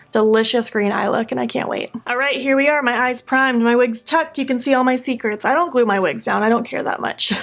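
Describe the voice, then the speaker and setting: A young woman chatting effusively to camera in a casual makeup vlog, gushing and chatty. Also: sits high. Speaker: beauty vlogger.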